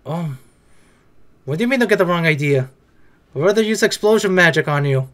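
A man with a fairly high voice reacting to anime in loose, casual commentary. He talks excitably, swears freely and blurts out his reactions. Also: brisk, pauses often. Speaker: anime reaction video creator.

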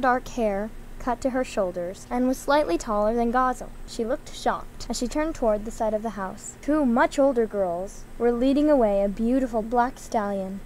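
A woman's voice: on the high side, darkish tone, a little hiss or hum, low-quality recording. Woman reading a children's story aloud. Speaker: reader.

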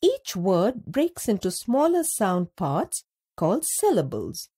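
A woman narrating a scripted school lesson, speaking slowly and deliberately and stretching words out syllable by syllable. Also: medium pitch, wildly swooping pitch, warm tone, slightly rough. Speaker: teacher narrator.

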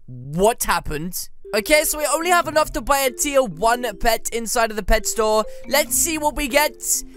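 A woman giving excited gameplay commentary as a gaming YouTuber, with playful mock trash talk. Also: fairly high pitch.

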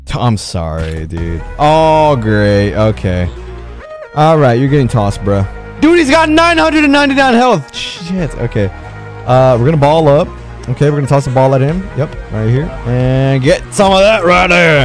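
A young man streaming a video game, reacting loudly with shouts, gasps and swearing. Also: medium pitch, big pitch swings, normal speed, soft background music. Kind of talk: live game commentary.

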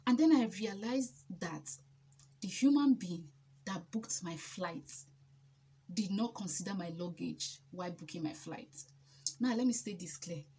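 A woman's voice: medium pitch, lively intonation, measured pace, mellow, slightly rough. A woman from Nigeria with a Nigerian accent, telling a story casually and emphatically, and repeating herself for effect. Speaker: vlogger.

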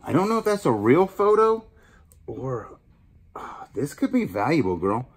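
A man's voice: medium pitch, big pitch swings, unhurried, husky. A man hosting a vlog, chatting casually and joking while he sorts through a storage unit. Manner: chatty, jokey, thinking out loud. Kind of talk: casual chat to camera.

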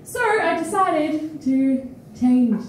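A woman's voice: high-pitched, extremely slow, slight background noise. A young Australian woman, tired and phlegmy, chatting frankly with a live audience between poems, swearing and laughing as she goes. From Perth, Australia. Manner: animated, frank, swears often, laughs mid-sentence. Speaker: feature poet. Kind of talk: casual stage banter. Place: small indoor studio venue with live audience. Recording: echoey room, mic from far off.

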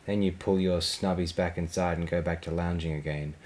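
A man's voice: low-pitched, steady tone, brisk, darkish tone, natural voice. A man puts on a scornful aging frigate captain past his prime. He growls his complaints with open contempt. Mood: contemptuous.

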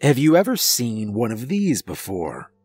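A man voicing a calm, compassionate police chief who speaks softly and gently. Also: mid-range voice, slightly rough, no echo, faint music behind, heavily acted. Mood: gentle. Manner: soft, gentle, measured.

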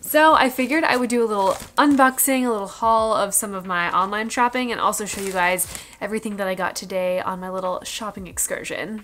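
A young woman chatting casually to camera in a vlog, excitable and gushing as she talks from her parked car and later at home. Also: medium pitch, background noise. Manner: chatty and excitable, gushing about food and purchases. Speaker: lifestyle vlogger.

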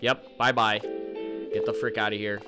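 A man giving excitable, casual commentary while playing a video game, with loud outbursts. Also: fairly low pitch, normal speed. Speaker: gaming video creator. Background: game music.

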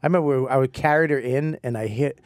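A man's voice: mid-range voice, quick pace, dry recording. A male comedian guest in casual, crude studio banter, telling stories with lots of profanity and frequent laughter. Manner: profane, animated storytelling that breaks into laughter. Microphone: studio microphone.

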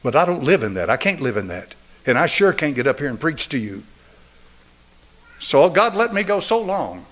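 A pastor in his seventies preaches with a slightly raised voice. He hammers phrases through repetition and drops from a forceful pitch to near-hush as he pleads with the congregation. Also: big pitch swings, moderate pace. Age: 70s. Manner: emphatic, repetitive preaching cadence; swings between raised and hushed delivery. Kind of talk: sermon with altar call.

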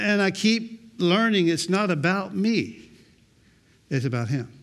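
Storytelling pastor with dry humor. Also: male voice, on the high side. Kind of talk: sermon.

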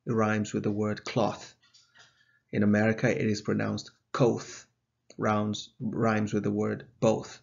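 Gravelly, flat-toned male math teacher. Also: fairly low pitch, highs cut off. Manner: measured, explanatory, with some fillers. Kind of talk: video lesson.

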